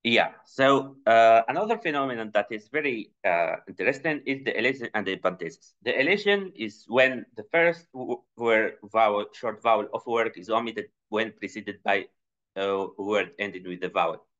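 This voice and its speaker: A man's voice: expressive, normal speed, fairly bright tone. A man giving an academic conference talk, explaining slides with many fillers and restarts. English is not his first language; he grew up speaking Tunisian Arabic. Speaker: conference presenter. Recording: muffled low-fidelity recording.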